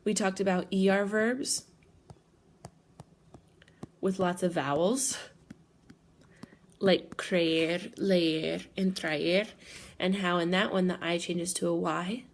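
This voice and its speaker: A woman's voice: on the low side, steady tone, slow pace, long pauses. A woman teacher explaining grammar patiently, step by step, in a recorded lesson. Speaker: Spanish teacher.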